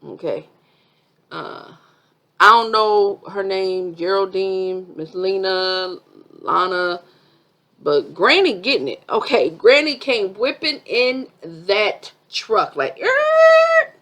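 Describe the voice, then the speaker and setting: A woman's voice: medium pitch, lively intonation, takes it slowly, sharp tone. A woman vlogger giving a chatty, sassy review of a reality TV episode, full of asides.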